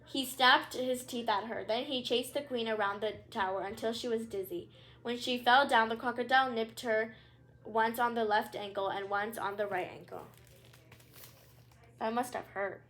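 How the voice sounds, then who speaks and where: A woman's voice: fairly high pitch, moderate pace, a bit bright, slight background noise. A young woman reading a children's book aloud, with chatty asides and small stumbles. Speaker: read-aloud storyteller.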